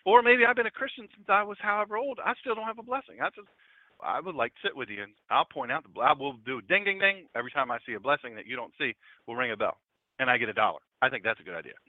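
A man's voice: medium pitch, big pitch swings, quick pace, no room sound. A middle-aged man preaching a conversational sermon, telling stories and acting out what people said. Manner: storytelling, acts out quotes. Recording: tinny phone-like dry sound.

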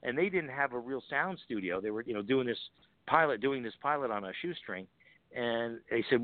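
A man's voice: mid-range voice, lively intonation, brisk, no echo. A man, a voice actor guest, telling stories in a chatty interview and acting out quoted lines. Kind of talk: casual interview chat. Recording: tinny phone line.

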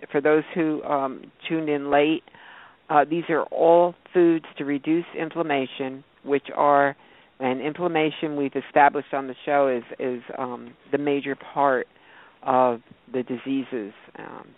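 A man's voice: fairly high pitch, fairly even intonation, a little slow, no echo. A man hosting a casual health talk show, rambling through food lists with many fillers and restarts. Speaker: host. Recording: phone-like narrow sound.

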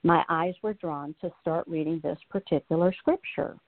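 A woman's voice: lowish voice, normal speed, dry recording. A woman in her late fifties, a guest on the show, earnestly reading her personal story aloud and then chatting about it. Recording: tinny phone line.

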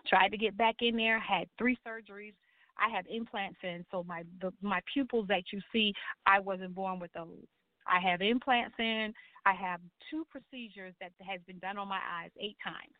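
A middle-aged woman, telling her life story as a talk show guest in an animated way, acting out voices and crying out to the Lord. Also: medium pitch, normal speed, no echo. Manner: animated storytelling, acts out quotes, churchy exclamations. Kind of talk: personal testimony in a talk show. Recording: tinny phone-line sound.

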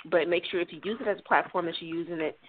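A woman from Sacramento, California, calling into a talk show and chatting in a relaxed, unhurried way with many fillers. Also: on the low side. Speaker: caller. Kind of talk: casual phone call. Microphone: phone. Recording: tinny phone line.

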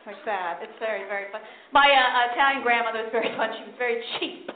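A woman's voice: a little high, quick pace. A woman comedian performing a punchy, self-mocking stand-up set at a live venue. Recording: echoey tinny live recording with noise.

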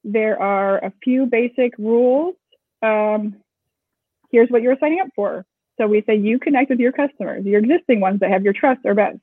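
A woman's voice: fairly high pitch, no echo. Chatty woman on a tinny line. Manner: brisk, chatty, joking asides. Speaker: screen printing shop co-founder, guest. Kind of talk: casual explanatory interview talk. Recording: tinny phone-like audio, dry.

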